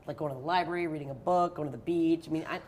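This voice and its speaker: A woman's voice: deep voice, rapid-fire, darkish tone. A woman hosting a playful trivia interview, bubbly and laughing often between questions. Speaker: host.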